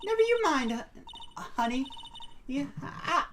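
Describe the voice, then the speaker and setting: A sassy young Southern woman photographer, as a woman with a Southern accent puts her on. She drawls and trips over a stutter, with lively swings in pitch. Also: slow, background noise, exaggerated voice.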